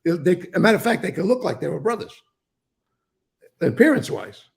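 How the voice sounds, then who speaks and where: A man's voice: sits high, very animated, a little fast, vocal fry, darkish tone. An older man telling blunt, rambling stories in a casual interview, swearing freely. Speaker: interview guest.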